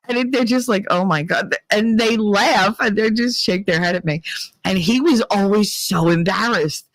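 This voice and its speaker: This podcast host has a fairly high female voice and a moderate pace, recorded dry. Her casual storytelling is chatty and animated, with plenty of laughing, swearing, and squealed, acted-out quotes.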